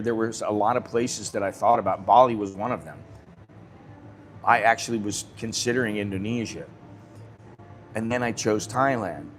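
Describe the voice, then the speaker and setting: American guy rambling on his livestream, blunt, swears a bit, faint music behind. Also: lowish voice. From United States. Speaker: live-stream host. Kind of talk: casual live-stream chat.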